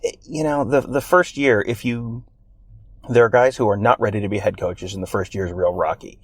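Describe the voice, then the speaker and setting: Low-voiced man, wry podcast chat. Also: steady tone, fairly quick, dry recording. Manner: wry, rambling, self-deprecating jokes. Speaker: podcast co-host. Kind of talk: casual sports chat.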